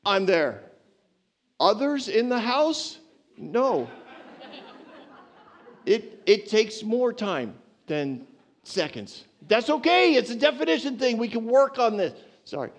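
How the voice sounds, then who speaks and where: Pastor, male, high voice, lively conversational sermon with jokes. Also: takes it slowly, long pauses. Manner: lively, conversational preaching with playful asides.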